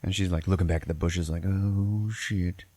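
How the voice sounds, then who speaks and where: A podcast host recapping a film in a loose, rambling way, cursing freely as he goes. His voice is very low and gravelly, and the recording is dry and close. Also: flat delivery, very fast, darkish tone, dry recording. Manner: profane, rambling storyteller. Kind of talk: casual movie recap.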